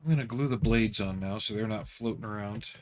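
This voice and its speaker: A man's voice: on the low side, a little fast, a little hiss or hum. A man chatting casually while he builds on a livestream, dry and joking in his asides. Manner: wry, joking, deadpan asides.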